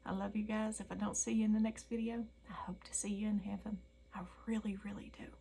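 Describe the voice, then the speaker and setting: Gravelly, husky woman giving a devotional. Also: medium pitch, flat delivery, fast. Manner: earnest and emotional, often dropping to a soft whisper. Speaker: Christian YouTube devotional host. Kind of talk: daily devotional talk to viewers.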